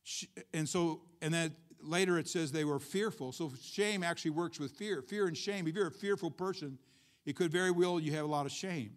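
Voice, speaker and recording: A man's voice: on the high side, brisk. A male pastor giving a conversational sermon at a church service, asking the congregation questions and tossing in joking asides.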